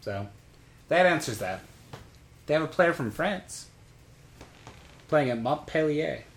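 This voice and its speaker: An American man co-hosting a casual sports podcast, playful and jokey, tossing out deadpan absurd claims. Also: a little high, slow pace. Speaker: podcast co-host.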